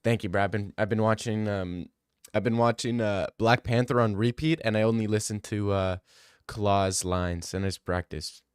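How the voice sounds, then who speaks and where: A young man streaming and chatting casually with viewers. He talks in excited, fast bursts and often repeats himself. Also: fairly low pitch, smooth, dry recording, clean studio sound.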